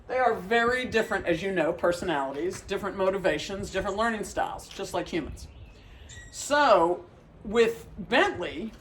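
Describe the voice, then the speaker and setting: A man with a notably high voice leads a dog training demonstration. He explains each step patiently to the viewer. He breaks off often to give the dog bright, encouraging praise. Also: a little hiss or hum, rough recording.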